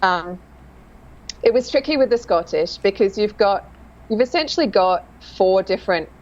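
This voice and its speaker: A woman's voice: mid-range voice, lively intonation, moderate pace, darkish tone. A woman dialect coach chatting enthusiastically in an interview, laughing often. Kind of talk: casual interview chat. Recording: dull lo-fi sound.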